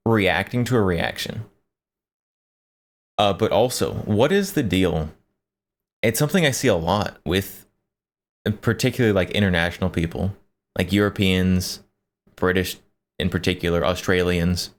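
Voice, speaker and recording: Male streamer, low voice, slow easy pace, jokey reaction chat. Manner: joking, laughs often, talks to chat. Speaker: livestreamer.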